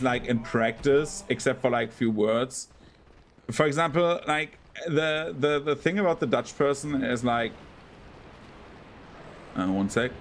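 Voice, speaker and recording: A man's voice: medium pitch, slight background noise. A young man chatting loosely while streaming a game, rambling with many fillers and yelping when in danger. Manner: rambling, full of fillers, bursts into panicked yelps while playing. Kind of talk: casual gameplay commentary.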